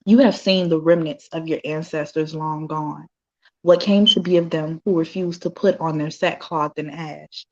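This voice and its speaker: Woman with a real low voice reading her poems, slow and solemn, muffled lo-fi call audio. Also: darkish tone. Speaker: guest poet.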